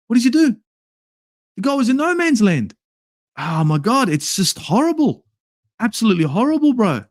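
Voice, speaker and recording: A man's voice: very high-pitched, sing-song, moderate pace, long pauses, dry recording, studio quality. An Australian man hosting a football channel, angrily ranting through a match review with plenty of swearing. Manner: angry, swearing, exasperated ranting. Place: home in Sydney at night.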